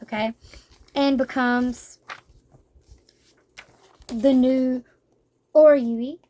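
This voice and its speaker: A woman with a bright, high voice talks through a manga review. She retells the plot loosely, in a rambling, conversational way. Her speech is full of casual fillers and asides. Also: fairly even intonation, extremely slow.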